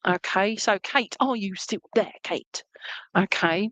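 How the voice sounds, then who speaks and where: A woman's voice: mid-range voice, slow, a bit bright, no room sound, rough recording. A woman giving an online clairvoyant reading as a medium, chatty and reassuring, often checking in with her listener. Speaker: spiritualist medium.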